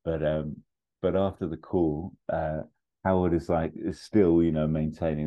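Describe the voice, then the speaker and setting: A man hosting a podcast, pitching a film sequel in a casual, rambling way with lots of fillers. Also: level tone, measured pace, narrow, tinny audio.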